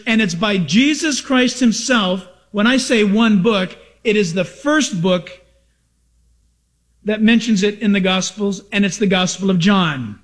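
A man preaching a sermon as a pastor, emphatic and repetitive, asking rhetorical questions and sounding excited and over-caffeinated. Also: high-pitched.

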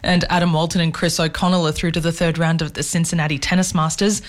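An Australian man co-hosts a breakfast radio show in a studio. He reads news and sport briskly, then drifts into easygoing banter. His voice sits a little higher than most men's. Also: flat delivery. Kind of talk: news reading and casual chat. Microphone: studio microphone.

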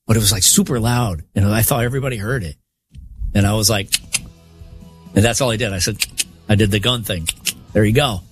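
A man's voice: on the low side, brisk, pauses often, soft background music. A man with a wife and daughters, co-hosting a show and telling stories in casual, emphatic banter. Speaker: radio show co-host.

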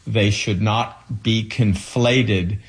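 A man running for office, answering interview questions in an earnest, halting way with frequent fillers. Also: lowish voice, fairly even intonation. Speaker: political candidate.

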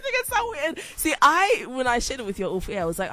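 A woman hosting a radio show in casual chat, animated and teasing, laughing often. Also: high voice, fairly quick, soft background music. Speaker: radio host. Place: radio studio.

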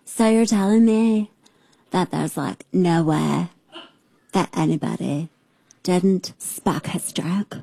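A dismissive young woman drags out every word in a thick, gravelly vocal fry, as a talk host mocks her. She drawls low and slow, her voice dark and husky. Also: no echo, exaggerated voice. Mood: mocking.

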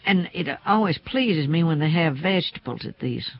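A man's voice: fairly high pitch, expressive, moderate pace, gravelly. A man, talking in a folksy, chatty, opinionated way. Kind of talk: casual spoken commentary. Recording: dull, muffled sound.

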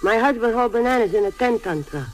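Fiery widow, middle-aged woman, high lively voice, broken English, acted by a woman, old film drama. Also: fast talker, lightly acted, rough recording. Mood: wistful. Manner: blunt, emotional, broken English. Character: fiery Italian immigrant widow, seamstress.

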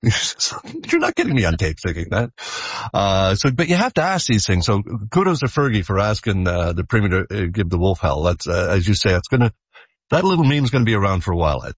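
A man on a political panel, animated and anecdotal, with laughing asides. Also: lowish voice, fast, slightly rough, no room sound. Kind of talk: casual panel chat. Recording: dull, dry studio sound.

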